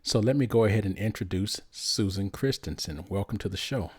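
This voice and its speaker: Deep-voiced man hosting a podcast. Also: slightly rough, dry recording, studio quality. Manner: friendly, halting with restarts. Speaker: podcast host. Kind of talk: podcast interview.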